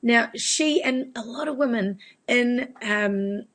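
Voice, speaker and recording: A woman's voice: fairly high pitch, slow, a bit bright. A woman, giving a chatty live Q&A as a vocal coach. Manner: chatty, explanatory, demonstrates voice changes. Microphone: phone.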